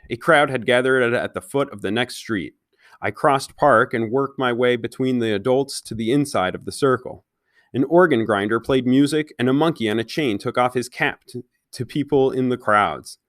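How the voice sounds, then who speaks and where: A man's voice: medium pitch, a bit bright, no room sound, clean studio sound. A man reading a children's novel aloud, stopping now and then to ask his listeners questions. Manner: pauses to question listeners directly. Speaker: read-aloud storyteller.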